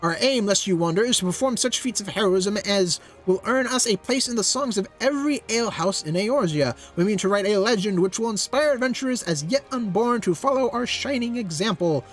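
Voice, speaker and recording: A pompous, high-minded leader of adventurers, played by a man, declaiming in formal old-fashioned speech. The voice runs high for a man, with soft music in the background. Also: animated, brisk, hardly any pauses. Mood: lofty.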